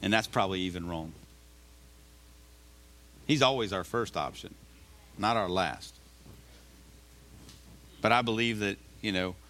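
A man's voice: lowish voice, fairly bright tone. A male pastor preaching a sermon in a conversational style, often rising to emphatic calls to the congregation. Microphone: live recording of a church service.

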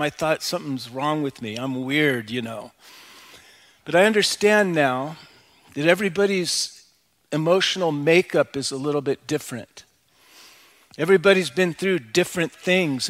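A man's voice: fairly high pitch, a bit bright. A middle-aged man preaching a sermon as a pastor, in a conversational, personal way with frequent "you know" asides. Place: church sanctuary.

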